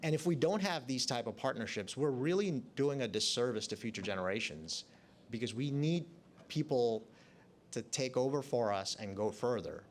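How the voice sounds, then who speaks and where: A middle-aged man answering a question on a panel, earnest and speaking up in a loud projecting voice. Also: mid-range voice, animated, normal speed, slight background noise. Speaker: hospital leader on a panel. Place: event arena.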